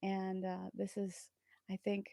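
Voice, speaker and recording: Animated spiritual woman chatting. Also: mid-range voice, slow pace, creaky, no room sound, clean studio sound. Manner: earnest, spiritual, animated, laughs often. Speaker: tarot reader and channel host. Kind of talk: casual livestream chat.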